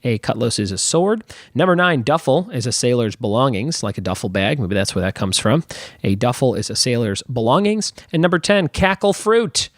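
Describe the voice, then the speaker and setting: A man hosting a trivia podcast in a casual, joking way, reading out quiz terms slowly and clearly and then riffing on them. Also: mid-range voice, lively intonation, no echo, clean studio sound. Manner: playful, jokey, drawn-out quiz terms.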